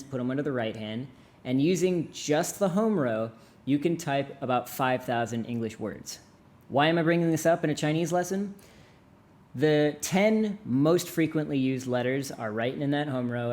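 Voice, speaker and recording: Man, young adult, average pitch, jokey video lesson, exaggerated demonstrations. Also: a little mellow. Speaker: language teacher.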